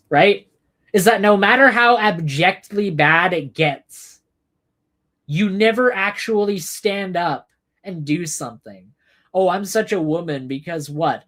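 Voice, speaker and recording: A woman hosting a livestream, delivering an angry, profane and sarcastic political rant while addressing chat commenters by name. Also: medium pitch. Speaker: livestream host answering chat.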